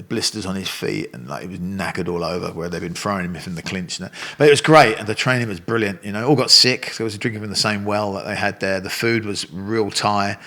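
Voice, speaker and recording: Man, older, low pitch, fast, animated storyteller, swearing. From England. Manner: animated storyteller, swears freely, acts out voices. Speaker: guest, Muay Thai fighter and coach. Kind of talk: casual storytelling interview.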